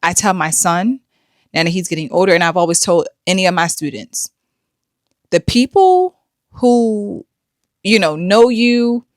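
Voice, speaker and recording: A woman's voice: lowish voice, expressive, unhurried, no echo, studio quality. A middle-aged woman hosting a commentary show, blunt and lecturing. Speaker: host. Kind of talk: commentary vlog.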